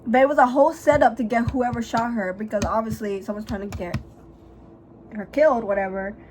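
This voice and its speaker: A young woman vlogger chatting casually while doing her makeup, retelling a story in a gossipy, profane, dramatic way and bursting into loud, high laughs. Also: fairly even intonation, fairly quick, a little hiss or hum, low-quality recording.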